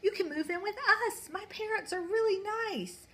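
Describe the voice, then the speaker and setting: A woman's voice: very high voice, moderate pace, fairly bright tone, voice pushed up. A woman voicing a polite, nervous young boy who hesitates and stammers in a storybook reading. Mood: eager.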